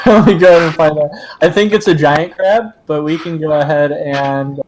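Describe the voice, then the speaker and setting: A man as game master of a tabletop game, talking casually, cursing freely and filling pauses with "uh" and "um". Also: on the high side, a little hiss or hum, poor audio. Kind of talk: running a tabletop game over voice chat.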